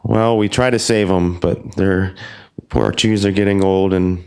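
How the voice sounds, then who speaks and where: A man's voice: low-pitched, steady tone, a little slow, vocal fry, a little mellow, clear, resonant tone. A city parks worker speaking plainly and modestly at a council meeting while losing his voice. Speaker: city parks employee being honored. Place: council chamber.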